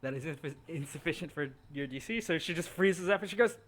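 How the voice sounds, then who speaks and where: A man with a high, bright voice runs a tabletop game, his narration animated and full of laughter. His pitch swings widely as he describes the scene. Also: fairly quick. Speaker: game master.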